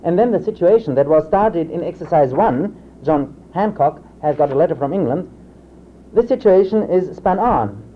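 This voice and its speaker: A man's voice: on the high side, expressive, moderate pace. A man giving an academic lecture, hesitant, with many fillers and restarts. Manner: reads example drill sentences aloud in a raised voice. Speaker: professor giving a convocation lecture. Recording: tinny lo-fi 1960s reel-to-reel tape with faint hiss.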